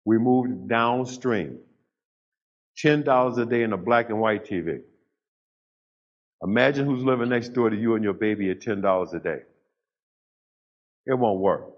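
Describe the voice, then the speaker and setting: An older man giving a storytelling speech to a live audience, pausing for effect and building emphasis. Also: on the low side, lo-fi sound. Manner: storytelling with dramatic pauses and rising emphasis. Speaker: motivational speaker.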